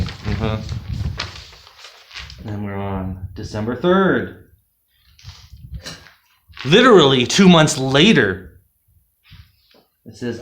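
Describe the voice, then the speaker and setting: A man's voice: mid-range voice, big pitch swings, takes it slowly, long pauses, a bit bright, a little hiss or hum. A man reviewing a product in a casual, rambling, sarcastic rant full of fillers. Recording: roomy echo.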